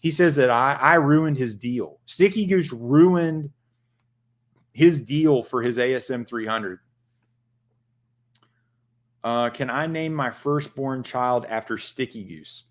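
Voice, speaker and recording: A man's voice: medium pitch, slow, pauses often. A man hosting a casual livestream chat, rambling and joking with plenty of profanity. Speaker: channel host.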